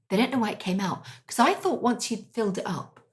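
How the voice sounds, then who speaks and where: A middle-aged woman co-hosting a casual kitchen-table chat, telling animated stories and laughing often. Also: medium pitch, quick pace. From England. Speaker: podcast co-host.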